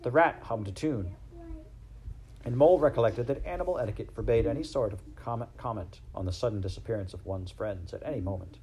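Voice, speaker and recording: Gentle man reading a storybook aloud. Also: mid-range voice, animated, fairly quick, a little hiss or hum, low-quality recording. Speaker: narrator.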